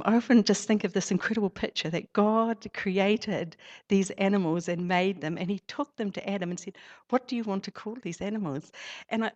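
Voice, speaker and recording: A woman's voice: medium pitch, a little mellow. A woman giving an informal church talk, reading a story aloud and then rambling through personal reflections with fillers. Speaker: church speaker. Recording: dull lo-fi recording.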